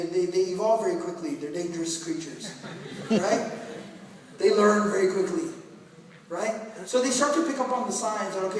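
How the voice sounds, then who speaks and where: A man giving a mosque talk in a conversational, humorous way, asking the audience questions. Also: sits high. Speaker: preacher. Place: mosque hall. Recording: echoey hall from far off, faint noise.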